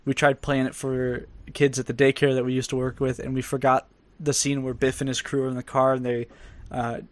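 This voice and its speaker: A man's voice: mid-range voice, level tone, a little fast. A young man co-hosting a podcast in casual chat, rambling and laughing often as he talks. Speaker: podcast co-host.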